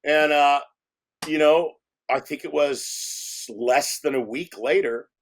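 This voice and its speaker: A man's voice: a little high, takes it slowly, slight background noise. A man around sixty, a film director telling anecdotes in a casual interview, laughing often and swearing freely.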